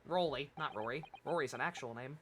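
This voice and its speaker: A woman's voice: mid-range voice, very animated, brisk, sharp tone, a little hiss or hum. A woman hosting a let's play, reading game dialogue and tossing in sarcastic, playful asides.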